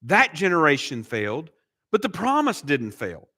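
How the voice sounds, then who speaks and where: Animated man preaching a sermon. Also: fairly high pitch, normal speed. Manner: expository preaching with rhetorical questions and emphatic repetition. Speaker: pastor. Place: church sanctuary.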